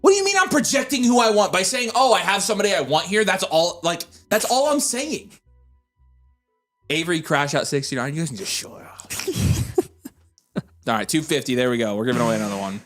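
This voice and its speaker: A man co-hosting a casual fantasy football livestream, reading chat aloud in an animated, excitable way. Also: a little high, faint music behind. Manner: animated and excitable, quick to vent frustration.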